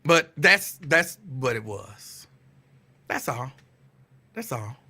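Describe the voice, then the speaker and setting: A man hosts his podcast in an animated, profane call-out rant, circling back to the same jabs again and again. His pitch swings widely from phrase to phrase, and his tone stays bright and forceful. He takes his time and lets each line land slowly. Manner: animated, teasing, profane, repetitive. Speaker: podcast host.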